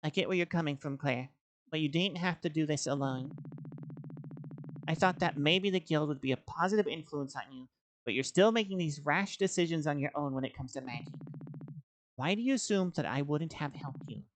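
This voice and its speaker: A woman voicing a calm, disappointed female mentor who speaks in a measured, earnest way. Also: deep voice, slight background noise, close to an everyday voice.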